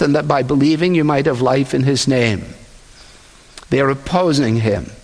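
A man delivers a sermon, his voice sitting a little higher than most. He speaks earnestly and at a measured pace, often slipping into quoted speech. The sound carries a long echo from a large church hall. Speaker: pastor.

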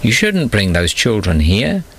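A man's voice: fairly low pitch, big pitch swings, unhurried, slight background noise. A man reading stern, scolding disciples. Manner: stern, impatient.

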